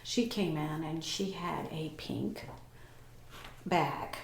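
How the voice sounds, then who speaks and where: Animated woman telling her story, echoey room. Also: deep voice, slow, a little hiss or hum. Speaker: guest. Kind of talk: personal storytelling in a podcast interview.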